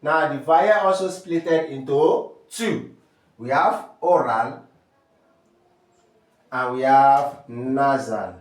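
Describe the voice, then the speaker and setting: Slow-speaking man teaching French, echoey. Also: medium pitch, far from the mic. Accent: Nigerian. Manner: slow, repetitive drilling with rhetorical questions. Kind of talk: step-by-step language lesson. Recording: echoey room, voice from off-mic.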